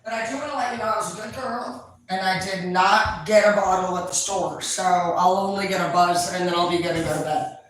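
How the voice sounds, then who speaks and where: A woman tarot reader chatting casually to her viewers, rambling, loud and full of swearing. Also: fairly low pitch, brisk. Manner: profane, loud, animated storyteller. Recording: echoey room, distant mic, faint noise.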